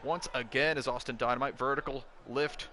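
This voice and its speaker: Brief: male play-by-play caller for a wrestling video game, mid pitch, gets loud and excited, clear background noise. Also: fairly quick. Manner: excitable, bursts into shouts at big moves.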